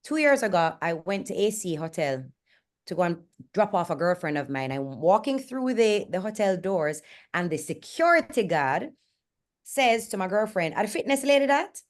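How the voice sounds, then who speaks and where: A woman's voice: lowish voice, very animated, moderate pace. A Jamaican woman in her forties hosting a candid motivational talk, frank and earnest and speaking bluntly. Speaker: host and fitness coach.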